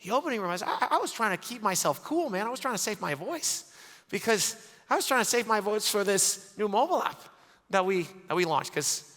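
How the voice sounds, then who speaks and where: A high, bright-toned man delivers an excitable conference keynote from the stage. His voice rings with a forceful edge. Long reverb from a big hall trails every phrase. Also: fairly quick. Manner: energetic, excitable, laughs often. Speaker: conference host giving closing remarks.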